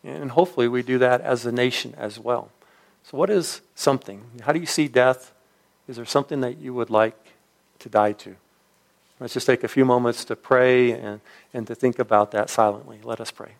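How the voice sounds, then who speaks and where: A man's voice: medium pitch, normal speed, vocal fry. Reflective male preacher with restarts. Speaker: pastor. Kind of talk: sermon with storytelling.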